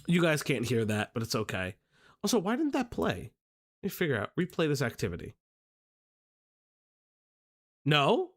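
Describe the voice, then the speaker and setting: A man's voice: on the high side, huge pitch swings, a little fast. A young man hosting a commentary livestream, rambling and swearing casually with lots of fillers. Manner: rambling, profane, many fillers and restarts.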